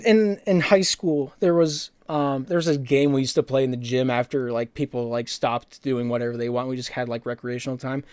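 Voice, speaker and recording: Excitable young man with a lifted voice. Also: a little high, dry recording, studio quality. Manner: excitable and rambling, frequent "like" fillers and restarts, laughs as he talks. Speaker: esports broadcast personality. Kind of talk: casual storytelling on a live stream. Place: live streaming setup.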